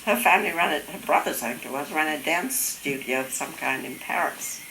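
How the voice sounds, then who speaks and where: A woman's voice: low-pitched, fairly quick, bright, forceful tone, echoey room, a little hiss or hum, rough recording. Older woman laughing through family tales. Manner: amused, laughs often, mimics relatives' voices. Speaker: interviewee recalling family stories. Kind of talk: casual family storytelling.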